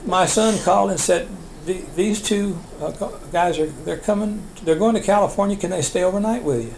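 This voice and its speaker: Gravelly older man telling family stories. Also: high-pitched, normal speed, slight background noise, poor audio. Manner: rambling, chuckling storyteller with restarts. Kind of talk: oral history storytelling.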